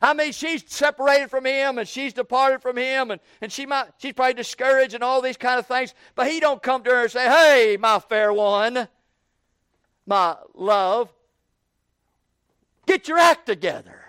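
A man preaching an evening sermon in a folksy way, repeating words and building up to shouted questions. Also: extremely high pitch, fairly even intonation, normal speed, clean tone, no echo, studio quality.

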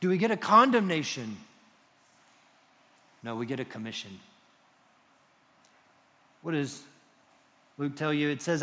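A male pastor preaches a sermon, voice set a little high and swinging between loud emphasis and quiet, hushed moments. His words ring out across a church hall with long reverb. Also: big pitch swings, measured pace, pauses often.

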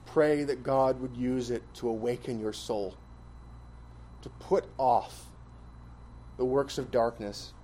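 A man preaching a sermon and closing in prayer, stressing key phrases with sudden loud emphasis. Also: medium pitch, slight background noise.

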